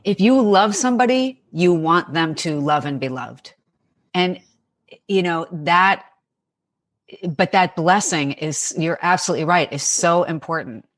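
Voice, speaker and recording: A woman's voice: lowish voice, animated, a little slow. A woman hosting an interview podcast, teary and emotional, stammering over her words. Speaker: podcast host, psychologist. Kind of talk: interview conversation.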